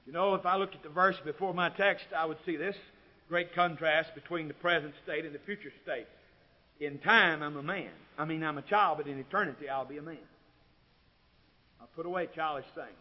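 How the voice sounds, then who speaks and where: A man preaching a sermon, swelling to loud, ringing climaxes and then dropping to a low, quiet tone. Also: fairly quick, muffled recording.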